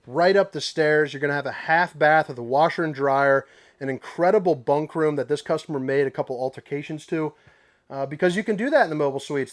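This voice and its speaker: A young man selling RVs, giving an upbeat, rambling walkthrough tour of a trailer. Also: fairly high pitch. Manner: upbeat, enthusiastic, rambling asides. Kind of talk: casual product tour.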